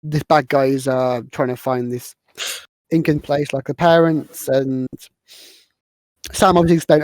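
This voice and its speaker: A woman's voice: sits low, fairly even intonation, moderate pace, darkish tone, no echo. Woman, podcast host, casual movie recap, filler-heavy, dead dry sound. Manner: rambling, filler-heavy retelling of scenes.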